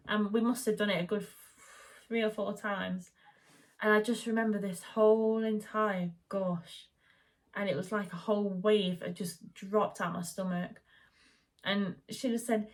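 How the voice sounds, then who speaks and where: A woman's voice: mid-range voice, unhurried. Chatty young woman vlogging. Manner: chatty, animated retelling, quoting the midwife in raised voice. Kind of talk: casual chat, telling a birth story. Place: home.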